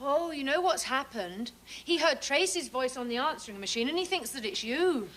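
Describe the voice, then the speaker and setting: A woman's voice: sits high, expressive, moderate pace. A royal-like woman. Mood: poised. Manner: refined, precise diction. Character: poised woman with royal airs. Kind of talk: sitcom acting. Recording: sitcom with loud studio audience.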